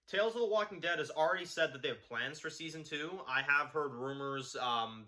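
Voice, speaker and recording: Bright-voiced man ranting in a review. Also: medium pitch. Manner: blunt, profane, heated. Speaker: TV show reviewer.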